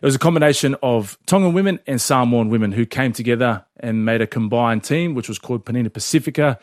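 A man co-hosting a casual sports chat, telling stories in a chatty, animated way. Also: medium pitch, fast, no echo, clean studio sound. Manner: chatty, animated storyteller, laughs often. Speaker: podcast co-host.

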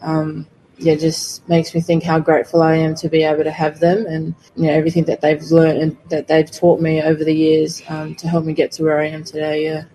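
A woman's voice: sits low, completely flat delivery, a little fast, warm tone, low-quality recording. A woman, a rugby player answering interview questions earnestly, with many fillers. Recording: faint background noise.

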